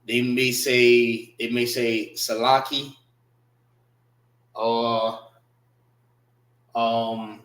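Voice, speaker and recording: A man teaching a classroom language lesson in a casual way, repeating and spelling out words slowly. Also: medium pitch, monotone, a bit bright, echoey room, poor audio. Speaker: class instructor.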